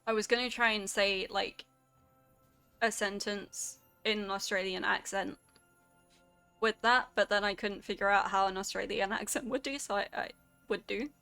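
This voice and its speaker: A woman's voice: mid-range voice, fairly even intonation, moderate pace, vocal fry, pushed and bright, clean tone, soft background music. A woman streamer chatting casually with her viewers while she plays a game, reacting animatedly to their comments. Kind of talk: casual gameplay chat with chat.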